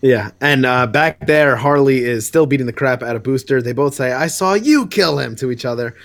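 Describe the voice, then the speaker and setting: A man's voice: mid-range voice, a little fast, no echo. A man co-hosting a podcast, casually recapping a comic book with laughs and exasperated asides. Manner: animated retelling, laughs often, exasperated asides. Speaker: podcast co-host.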